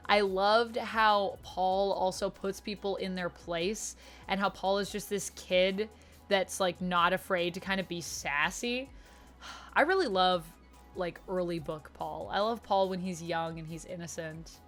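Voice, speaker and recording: A woman talks through a book review vlog in a chatty, enthusiastic way, packing in plenty of "like" fillers. Her fairly low voice is steady, unhurried, and fairly bright. Soft music plays in the background.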